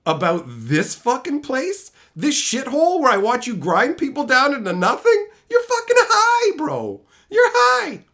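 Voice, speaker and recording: A man telling brash, profane stories in a casual stream chat. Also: high-pitched. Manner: profane, brash, animated storytelling.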